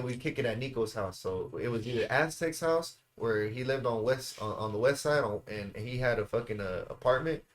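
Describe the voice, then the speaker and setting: A man telling a slangy story. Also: medium pitch. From Central California. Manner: animated and profane, heavy slang, often says "bro". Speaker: guest. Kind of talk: casual storytelling. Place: house, indoors.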